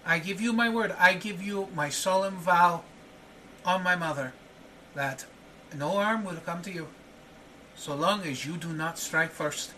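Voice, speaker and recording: A man's voice: high voice, a little slow, pauses often, bright, forceful tone, distant mic, slight background noise, pitched above the performer's own voice. A man voicing a courtly, persuasive stranger who slips Spanish words into his English. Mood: reassuring. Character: courtly sly man, wary, mysterious.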